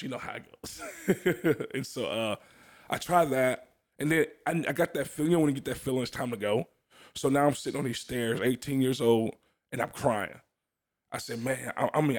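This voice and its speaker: Young man telling his story earnestly. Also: medium pitch. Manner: earnest storytelling, laughs often, restarts. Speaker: guest sharing testimony. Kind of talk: casual testimony chat.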